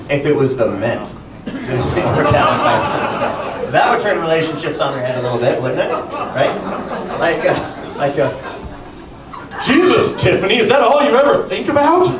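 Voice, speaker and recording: A man performing a stand-up comedy set, telling stories with lots of animation and acting out other people in high voices. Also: sing-song, normal speed, pauses often, a crowd in the background. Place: comedy club stage with audience. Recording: echoey club, far-off mic, audience noise.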